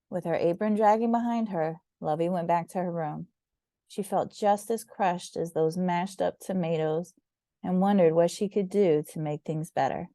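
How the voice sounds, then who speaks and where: A woman reading a children's storybook aloud with gentle, expressive narration. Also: on the low side, normal speed, dry recording, studio quality. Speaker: storybook reader.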